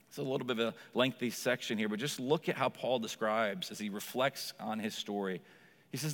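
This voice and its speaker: A man's voice: medium pitch, brisk, a bit bright, long reverb tail. A male pastor preaching a sermon in a conversational way, with frequent asides to the congregation, in a church. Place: church sanctuary.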